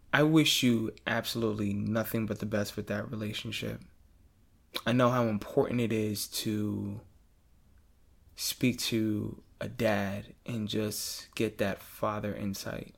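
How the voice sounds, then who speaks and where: A man hosting a podcast in casual chat, earnest and swearing freely, getting loud when he's excited. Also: on the low side, slow, vocal fry. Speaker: podcast host.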